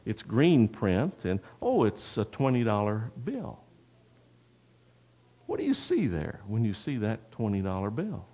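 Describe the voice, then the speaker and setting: A man's voice: fairly low pitch, big pitch swings, measured pace, warm tone, slightly rough. A man preaching a sermon, folksy and talking straight to the congregation, with a personal story. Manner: folksy, addresses the congregation directly. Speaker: pastor.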